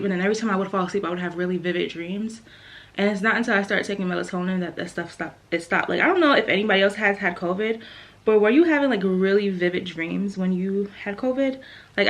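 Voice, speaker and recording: A woman's voice: medium pitch, a bit bright. A young woman vlogging in a casual chat to camera, a little out of breath, with lots of fillers and asides. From Jamaican family.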